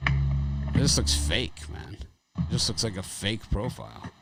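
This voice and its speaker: Animated, low-voiced man hosting betting chat. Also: unhurried, over loud music. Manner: blunt, profane, rambling with restarts. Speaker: sports betting show host. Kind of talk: casual sports betting chat.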